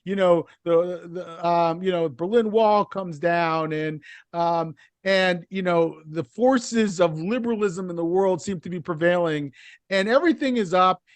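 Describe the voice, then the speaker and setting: A man's voice: high voice, unhurried, no room sound. A middle-aged man speaking as a podcast guest, explaining his views earnestly with frequent restarts. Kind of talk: casual interview conversation.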